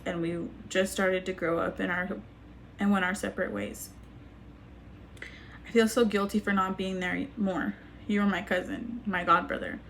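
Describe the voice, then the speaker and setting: A young woman reading a personal letter aloud to camera, halting and grieving, with frequent restarts. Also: mid-range voice, creaky, a bit bright, slight background noise. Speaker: vlogger.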